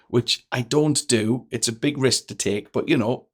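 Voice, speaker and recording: A man, a guest telling stories in a lively way and acting out the lines of the people in them. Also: medium pitch, takes it slowly, slightly rough. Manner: energetic, acts out quoted dialogue. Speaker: guest speaker. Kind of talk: animated storytelling in a podcast interview.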